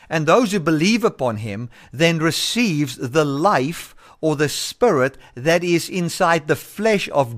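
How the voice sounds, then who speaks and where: A male pastor delivering a sermon in a measured, emphatic way, repeating key phrases. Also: fairly high pitch. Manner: measured, emphatic preaching with repetitions.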